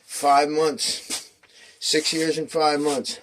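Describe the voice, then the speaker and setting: A man's voice: on the high side, level tone, very slow, fairly bright tone, slight background noise. A man in his fifties telling a long personal story in a rambling, profane way, acting out what people said. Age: 50s. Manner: profane, restless, storytelling with acted quotes.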